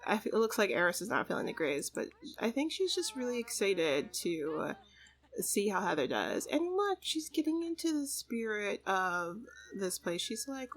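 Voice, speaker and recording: A woman's voice: mid-range voice, a bit bright. A woman hosting a let's play, giving casual, chatty gameplay commentary full of "like" and "you know". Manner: chatty, laughs often, says "like" and "you know".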